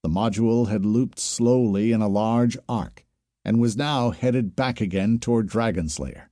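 A man narrating a science fiction audiobook with a measured, even reading. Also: on the low side, dry recording, studio quality.

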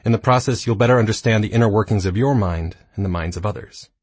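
A man in his thirties reading his own nonfiction book aloud, with dry, self-mocking humor and a slightly husky voice. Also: fairly low pitch, quick pace, a little mellow, no room sound. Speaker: audiobook narrator. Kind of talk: scripted nonfiction narration.

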